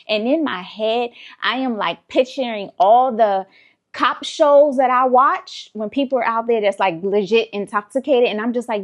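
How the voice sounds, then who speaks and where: A woman's voice: fairly high pitch, moderate pace. A woman vlogger, around her thirties, telling a personal story in a casual, exasperated way with frequent swearing. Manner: animated, exasperated retelling with profanity.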